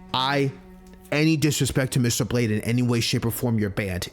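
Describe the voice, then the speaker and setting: A young man giving let's-play commentary as the channel's host, excitable and profane, with lots of slang. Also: medium pitch, fairly quick, soft background music.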